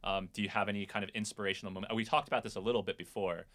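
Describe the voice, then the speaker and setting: Deep-voiced guy cohosting a chill podcast, kinda hesitant, trails off. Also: steady tone, racing. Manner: easygoing, hesitant, trailing off quietly. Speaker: podcast co-host. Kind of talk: casual chat about a film.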